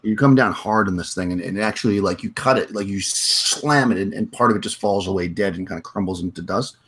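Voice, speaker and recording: Low husky guy running a tabletop game, rambly, lots of restarts. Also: brisk, a bit bright. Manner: rambling, full of restarts and fillers. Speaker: game master.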